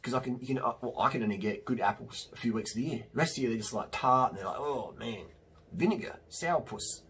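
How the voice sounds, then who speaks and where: A man's voice: medium pitch, fairly even intonation, rapid-fire, a bit bright, slight background noise. A middle-aged man, a cyclist, talking casually and emphatically to camera in a rambling, slangy way. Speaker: vlogger and cyclist.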